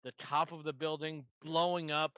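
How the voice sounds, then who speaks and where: A man's voice: fairly high pitch, flat delivery, moderate pace, clear, resonant tone, no echo, dull audio. A man co-hosting a podcast, chatting casually about a movie in a laid-back way. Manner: laid-back, laughs often, swears casually. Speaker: podcast co-host.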